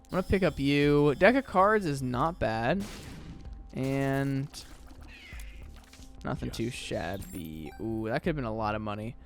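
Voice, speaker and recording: A man's voice: medium pitch, animated, measured pace, gravelly, pauses often, faint music behind. A young American man chatting casually through a let's-play, rambling with lots of "like" and "um". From southern United States. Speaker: gaming YouTuber.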